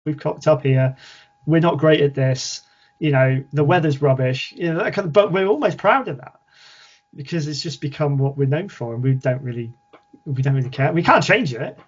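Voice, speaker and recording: A man with a British English accent, chatting as a podcast guest in a relaxed, self-deprecating way that often trails off softly. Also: fairly high pitch, a little fast, husky, muffled recording. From England. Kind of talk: casual interview chat.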